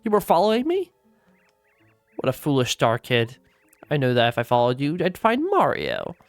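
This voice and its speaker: A woman's voice: very deep voice, wildly swooping pitch, moderate pace, no echo, soft background music, exaggerated voice. Woman doing a sneery fame-hungry turtle wizard, dry mic. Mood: sneering.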